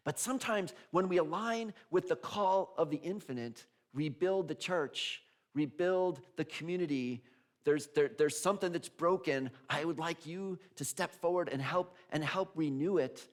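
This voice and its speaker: A middle-aged male minister giving a sermon, telling a personal story in an animated way, laughing often and acting out other people's voices. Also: on the high side, measured pace.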